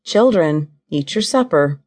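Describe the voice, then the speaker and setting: A woman voicing a gentle, worried middle-aged mother in an audiobook. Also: sits low, expressive, measured pace. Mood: concerned.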